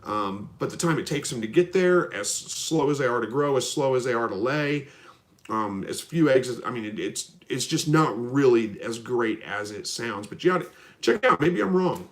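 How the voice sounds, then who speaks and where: A man's voice: mid-range voice, lively intonation, moderate pace. Stuffy-nosed man, live-stream host, easygoing and rambling. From Southwest Missouri. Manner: easygoing, rambling, chuckles often. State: stuffy nose. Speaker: livestream host. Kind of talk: casual live chat answering viewers.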